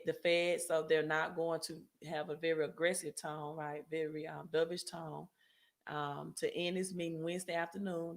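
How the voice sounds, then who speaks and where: A woman hosting a casual finance livestream, talking loosely to viewers, often checking in with "right?" and correcting herself mid-sentence. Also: sits low. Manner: chatty, frequent "right?" tag questions and self-corrections. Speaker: credit and finance livestream host.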